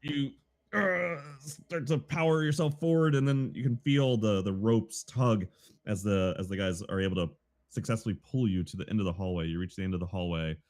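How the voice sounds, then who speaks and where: A man narrating as game master of a tabletop game, halting and restarting as he describes the scene. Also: low-pitched, a little mellow. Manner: halting, restarts mid-sentence while describing. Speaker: dungeon master.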